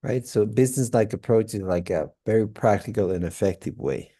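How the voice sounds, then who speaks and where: In this one-on-one English pronunciation lesson, a male tutor patiently repeats example sentences, filling the gaps with plenty of fillers. His lowish voice is mellow and slightly rough, and he moves at a brisk clip.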